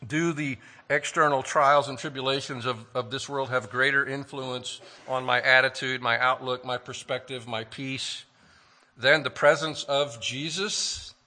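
A man preaching a sermon earnestly, asking rhetorical questions and slowing down to stress key phrases. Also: medium pitch, steady tone, bright, forceful tone. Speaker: pastor.

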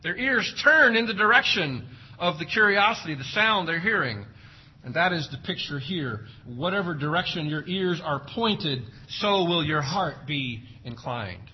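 A man's voice: a little high, animated, a little slow, slightly rough, muffled recording. A man preaching a sermon as pastor, emphatic and full of rhetorical questions. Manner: emphatic, rhetorical questions, acts out parents' sayings.

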